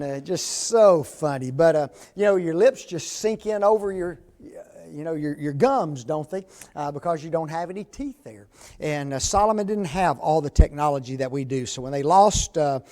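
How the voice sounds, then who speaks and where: A high-voiced man preaches in a church. He keeps it folksy and casual, tossing questions out to the congregation as he goes. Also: mellow. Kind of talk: sermon.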